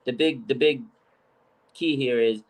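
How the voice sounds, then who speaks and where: A man's voice: mid-range voice, a little slow. Rambling male sports podcast host. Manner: rambling, many fillers. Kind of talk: casual sports podcast chat.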